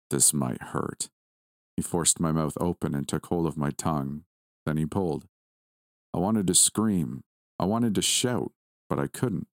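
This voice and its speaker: Deep-voiced man narrating a horror story. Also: darkish tone, no room sound, clean studio sound. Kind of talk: scripted first-person horror narration.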